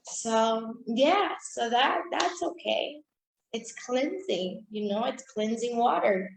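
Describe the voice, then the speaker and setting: A woman speaks slowly and with care, her earnest words coming out in halting starts. Her voice sits a little high and carries a roomy echo from her space. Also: lively intonation, gravelly, a little hiss or hum. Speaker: guest. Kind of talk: casual spiritual chat.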